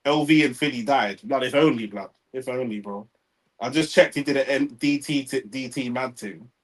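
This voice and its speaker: A man's voice: mid-range voice, normal speed, poor audio. A young man with a London accent, co-hosting a live stream in casual banter, reading viewer chat and dropping slang like bro and innit. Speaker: watchalong co-host.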